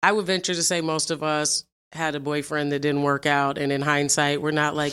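A woman's voice: deep voice, normal speed, clear, resonant tone. A woman from Chicago, a music executive, telling candid stories in an interview and acting out the voices of people she quotes. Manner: animated storyteller, acts out quoted voices.

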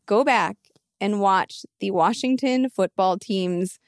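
A woman in her thirties, a fantasy football analyst telling an animated, emphatic story in casual podcast talk. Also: medium pitch, no echo, studio quality. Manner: animated, emphatic, quick asides.

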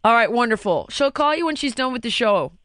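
A woman's voice: a little high, sing-song, brisk, fairly bright tone, no echo, studio quality. A middle-aged woman hosting a podcast, talking candidly and bluntly in casual chat, cursing freely. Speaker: podcast host.

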